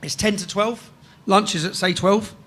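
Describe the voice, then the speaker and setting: English man, higher-pitched, casual animated storyteller, salty language, checks in with "yeah?". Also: moderate pace. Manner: swears freely, keeps tagging sentences with "yeah?". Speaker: guest storyteller.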